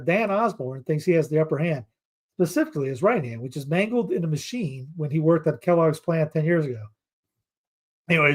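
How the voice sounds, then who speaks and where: His voice sits a little high with a darkish tone: a middle-aged North Carolinian hosting an informal news commentary program. He reads the headlines out loud with sarcasm, mocks them, and wanders into asides while digging up clips.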